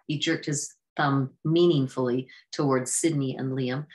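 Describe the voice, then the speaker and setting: A woman with a notably low voice reads a storybook aloud at a steady pace. Her delivery is even and plain, with the occasional self-correction. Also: a little slow, hardly any pauses. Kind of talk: storybook narration.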